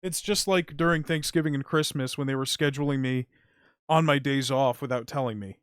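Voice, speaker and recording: A man's voice: mid-range voice, fairly quick, clean tone, dry recording, studio quality. A young man streaming, venting heatedly about his delivery job with frequent swearing. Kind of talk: casual stream rant. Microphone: streaming mic.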